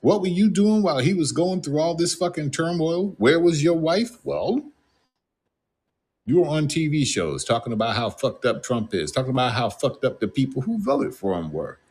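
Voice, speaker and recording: A man's voice: on the high side, animated, normal speed, darkish tone, husky. A man from the United States on an angry, scolding, profane rant.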